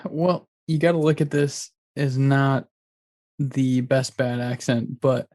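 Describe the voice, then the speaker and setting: A man co-hosting a comedy podcast, laid-back and quick to agree, laughing often. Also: mid-range voice, steady tone, darkish tone. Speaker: podcast co-host. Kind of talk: casual comedy chat.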